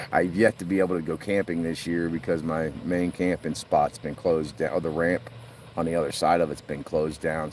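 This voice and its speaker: A man's voice: low voice, gravelly, darkish tone, distant mic, a little hiss or hum. A middle-aged man chatting on a phone livestream by a lake, rambling and laughing as he tells stories. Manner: laughs a lot, rambling storyteller. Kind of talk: casual live-stream chat. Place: outdoors by a lake.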